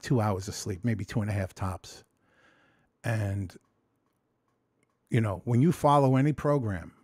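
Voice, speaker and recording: A man's voice: dry recording, clean studio sound. Man telling an emotional, rambling story. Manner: emotional, rambling with many restarts and frequent swearing; swings between excited storytelling and low, subdued reflection. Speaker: vlogger. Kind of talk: candid personal recovery vlog.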